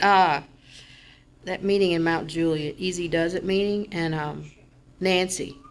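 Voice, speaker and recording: Low-voiced woman, candid testimony. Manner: candid, rambling, rising to loud frustration in retold moments. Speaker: member sharing at a recovery meeting. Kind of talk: personal testimony.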